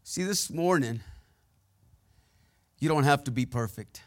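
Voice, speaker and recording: A man's fairly high, expressive voice moves at a measured pace with frequent pauses as he preaches. He shares personal stories in a plainspoken, candid way, and his conversational sermon includes call-and-response asides to check in with the congregation.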